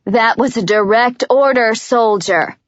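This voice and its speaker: A woman's voice: a little high, a little slow, dry recording, muffled recording, lightly acted. A woman voicing a stern young male soldier leader who gives clipped, cold orders. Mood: commanding.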